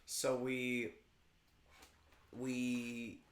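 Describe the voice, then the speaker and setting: A man's voice: medium pitch, monotone, extremely slow. Rambling man chatting in an echoey room. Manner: rambling, chatty, restarts sentences. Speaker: livestream co-host. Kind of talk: casual livestream chat.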